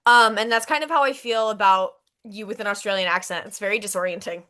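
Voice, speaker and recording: A woman's voice: mid-range voice, fast, sharp tone. A young woman co-hosting a podcast, chatting casually and rambling with fillers. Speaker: podcast co-host. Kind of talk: casual chat.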